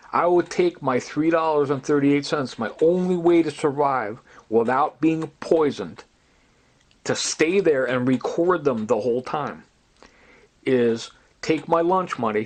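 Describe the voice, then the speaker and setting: Guy ranting through a long story, mid-range voice, agitated, acts out what others said. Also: mid-range voice. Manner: agitated, rambling, quoting others in dialogue. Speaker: storyteller recounting personal grievances. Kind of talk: rambling recorded monologue.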